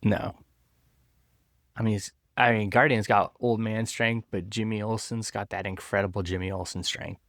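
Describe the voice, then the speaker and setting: A man co-hosting a casual comic book podcast, playful and quick to laugh. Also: fairly low pitch, flat delivery, a bit bright, no room sound, studio quality. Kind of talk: casual chat.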